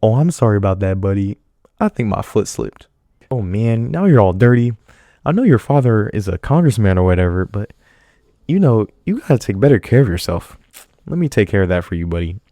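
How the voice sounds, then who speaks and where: A man voicing a stern, menacing teacher, cold and condescending, lowish voice with lots of swing. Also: big pitch swings, a little fast, warm tone, dry recording, clean studio sound. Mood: mocking. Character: stern, menacing male teacher who lectures his class.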